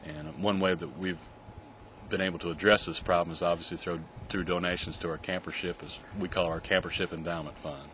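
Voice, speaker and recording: A man, the camp's director, explaining its mission and funding in a steady, formal way. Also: low voice, brisk, slight background noise.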